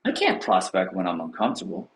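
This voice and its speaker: A man's voice: huge pitch swings, fast talker, heavily acted. A man voicing a reluctant male real estate agent who mumbles excuses to avoid his calls. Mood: stalling. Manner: mumbling excuses, low and hesitant. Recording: roomy echo.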